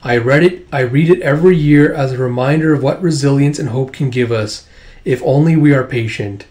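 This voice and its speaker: A man voicing an older scholarly professor, reading in a measured, gentle way as if to children. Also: medium pitch, natural voice. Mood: solemn.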